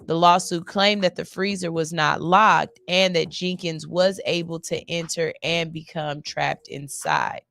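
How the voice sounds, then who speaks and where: Woman radio host, raspy fry in her voice, dry booth sound, real casual and chatty. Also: deep voice, lively intonation, a little slow, few pauses, fairly bright tone, no room sound. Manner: chatty, loose, curses casually, yawns between lines. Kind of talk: casual radio chat and news reading. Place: cold studio.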